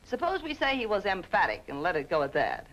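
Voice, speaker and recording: An actress in a 1940s film playing a brisk, sly secretary who talks in a dry, coy manner. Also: female voice, medium pitch, wildly swooping pitch, a bit bright, muffled recording, full character voice.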